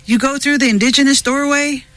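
A middle-aged man speaks as a guest in a radio studio, his voice sitting high for a man. He tells a long story in a lively, chatty way, laughing often and restarting his sentences. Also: fairly quick, dry recording, poor audio. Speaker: guest musician. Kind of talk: casual radio interview storytelling.

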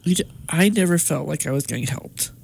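Tearful middle-aged woman with gravelly voice. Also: low voice, a little fast, slight background noise. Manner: tearful, laughs often, quotes others in lively voices. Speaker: guest sharing her experience. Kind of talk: emotional personal story.

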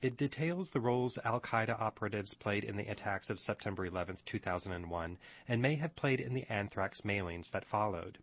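A man's voice: on the low side, brisk, few pauses, no echo. A male radio host introducing a guest and reading from her website in an earnest, formal way.

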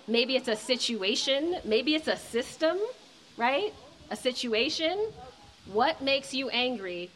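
A woman leading a live group breathing workshop, talking casually and encouragingly and counting the breaths out loud. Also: a little high. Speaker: breathwork instructor.

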